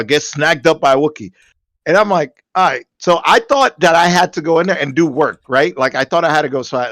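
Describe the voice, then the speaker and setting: A young man casually telling stories on a podcast, animated, jumping into high voices when he quotes people. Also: dry recording. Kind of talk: casual storytelling chat.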